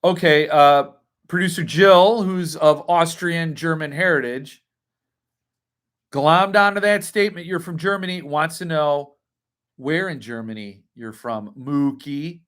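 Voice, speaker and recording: A man's voice: fairly high pitch, a little slow, fairly bright tone. A man hosting a casual livestream, rambling as he reads and answers chat comments. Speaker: host.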